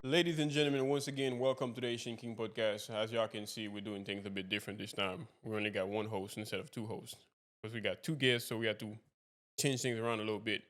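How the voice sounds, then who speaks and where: Fast-talking, rambling podcast host. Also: male voice, on the low side, fairly even intonation, faint music behind. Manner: rambling, repeats and restarts his questions. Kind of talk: casual interview.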